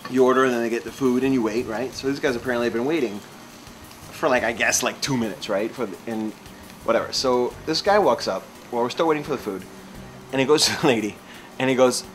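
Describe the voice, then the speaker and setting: A man casually telling a comic story in an animated, rambling way, with lots of fillers. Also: mid-range voice, fast talker, faint music behind.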